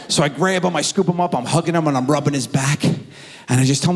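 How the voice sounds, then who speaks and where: A middle-aged man performing a stand-up comedy routine, telling a story with animated delivery and acted-out voices. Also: on the high side, fairly quick, gravelly, pauses often, in a large hall.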